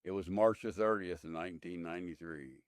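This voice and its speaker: A man's voice: low-pitched, brisk, no room sound, studio quality. A man in his fifties, a podcast guest, telling his story in a plain-spoken, rambling way with many fillers. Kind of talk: casual interview storytelling.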